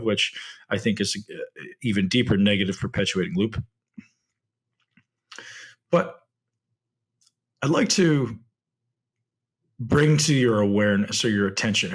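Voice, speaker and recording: A man with a husky, somewhat low voice talks through a solo podcast episode. He muses aloud in a reflective way. He keeps checking in with the listener through rhetorical tag questions. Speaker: podcast host.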